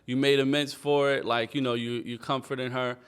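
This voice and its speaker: Podcast host asking quick questions. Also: male voice, mid-range voice, flat delivery, clear, resonant tone. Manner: quick affirming interjections. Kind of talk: interview questions, game segment.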